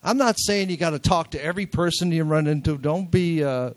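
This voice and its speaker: An older man delivers a sermon in a nasal, slightly high voice. He keeps it conversational, with jokes, and hammers key words through repetition. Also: a little fast. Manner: conversational, jokey, repeats key words for emphasis. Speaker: preacher. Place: church sanctuary.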